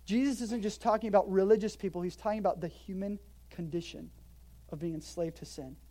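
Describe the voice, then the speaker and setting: A woman's voice: mid-range voice, brisk. A woman preaching an expository sermon in a church, talking conversationally and emphatically, with joking asides. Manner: emphatic, lively delivery. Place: church in Hawaii.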